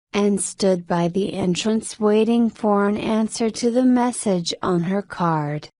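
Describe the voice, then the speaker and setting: A woman reading a novel aloud as scripted narration for English learners, in a slow, measured way. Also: medium pitch, darkish tone, dry recording, clean studio sound.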